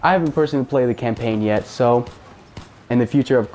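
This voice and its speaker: A man's voice: medium pitch, fast, a little mellow, slight background noise. Chatty man reviewing a video game. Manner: chatty and rambling, with fillers and casual swearing. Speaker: gaming channel host. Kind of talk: casual game review talk.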